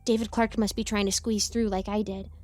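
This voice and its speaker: A woman's voice: medium pitch, flat delivery, fairly quick, darkish tone, soft background music. Playful woman reading a horror story. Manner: playful, breathless girlish delivery with sudden yelps and giggles. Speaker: narrator. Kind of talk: first-person horror story narration.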